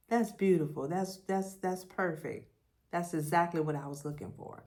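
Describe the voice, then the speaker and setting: A woman giving a spiritual tarot reading, talking in a slow, repetitive way and leading the listener through affirmations. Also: fairly low pitch, a little mellow. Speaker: tarot reader.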